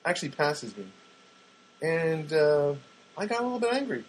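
A man rambling through everyday stories in a chatty, excitable monologue, often repeating himself and acting out other people's voices. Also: fairly high pitch, normal speed, slightly rough, rough recording.

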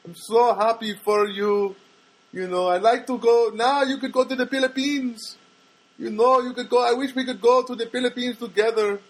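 A man voicing an effusive, earnest male security guard, pitching his voice up high and eager as he quotes him. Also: fairly even intonation, normal speed, poor audio. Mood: gushing.

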